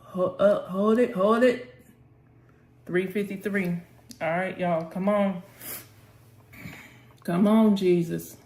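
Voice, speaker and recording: A woman's voice: medium pitch, fairly even intonation, slow pace, long pauses, a little mellow, echoey room. A woman hosting a live trading session, urging the chart on aloud and calling on the Lord as she talks. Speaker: trading channel host.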